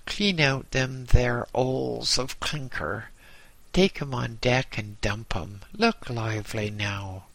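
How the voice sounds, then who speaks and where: A gruff ship's fireman, read by a man barks curt orders in a rough working dialect. The tone is bright and forceful, and he takes his time. The sound is dry and close. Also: mid-range voice, takes it slowly, no echo, poor audio. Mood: brusque.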